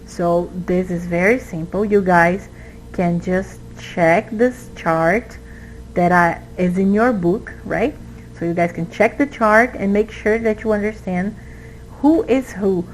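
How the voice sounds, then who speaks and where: Female ESL teacher, Portuguese native speaker, mid-pitched, deliberate patient delivery, faint background noise. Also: poor audio. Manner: slow, patient, stresses syllables when modeling words. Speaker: English teacher. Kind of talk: exam review lesson.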